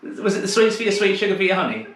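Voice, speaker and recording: A man's voice: high voice, very animated, very fast, fairly bright tone, recorded from a distance. A man teaching a dance class over a video call, calling out steps and chatting with a teasing manner. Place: home room on a video call. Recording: very echoey room.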